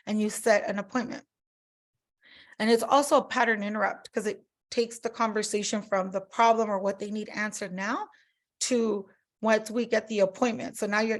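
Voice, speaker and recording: A woman giving a casual sales training talk, chatty, full of fillers and acted-out customer quotes. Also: a little high.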